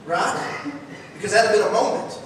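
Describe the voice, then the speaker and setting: Male preacher, folksy and lively, high voice, distant mic in a booming church hall. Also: normal speed, a little hiss or hum. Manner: folksy, energetic, rhetorical questions. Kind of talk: sermon. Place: church sanctuary.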